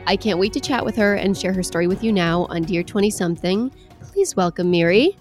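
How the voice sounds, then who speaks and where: A woman's voice: medium pitch, animated, fairly quick, faint music behind. Bubbly woman podcast host. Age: 20s. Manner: bubbly, enthusiastic. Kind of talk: scripted intro, then casual interview chat.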